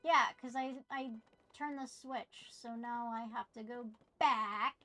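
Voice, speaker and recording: A woman with a high, light voice streams a game and chats with her viewers. She talks in an unhurried, playful way, muttering to herself and teasing the game. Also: fairly even intonation, sharp tone, soft background music. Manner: playful, talks to herself and reads chat aloud. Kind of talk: casual gameplay live stream chat.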